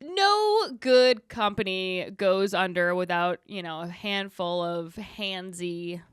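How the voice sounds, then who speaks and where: A woman's voice: on the low side, animated, takes it slowly, clear, resonant tone, dry recording, studio quality. A young woman co-hosting a podcast, chatting casually, laughing often and swearing freely. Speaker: podcast co-host. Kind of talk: casual chat.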